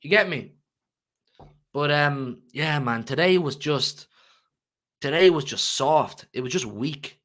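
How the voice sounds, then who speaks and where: A man's voice: fairly high pitch, animated, takes it slowly, long pauses, fairly bright tone. A man hosting a fan channel, ranting emotionally about football to his live chat and repeating himself for emphasis.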